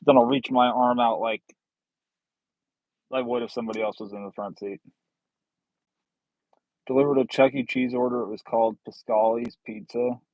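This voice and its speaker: A man in a car, driving deliveries, runs a casual livestream where he answers viewers' comments and pokes fun at himself. His medium-pitched voice is steady at a normal speed with long pauses, captured in a dry recording with the highs cut off.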